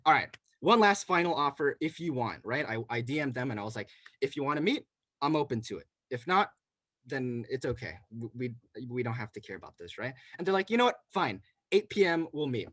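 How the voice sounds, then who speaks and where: A man's voice: medium pitch, a bit bright, dry recording. A young man from New York City telling a rambling campus story in casual chat, with many restarts and "right?" tags. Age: young adult. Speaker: college student telling a story.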